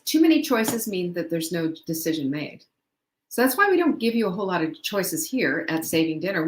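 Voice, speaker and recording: A middle-aged woman hosts a motivational talk in a chatty, upbeat way, often laughing and turning questions to the listener. Her voice sits at an ordinary pitch for a woman. The sound carries a roomy echo. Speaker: host. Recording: echoey room.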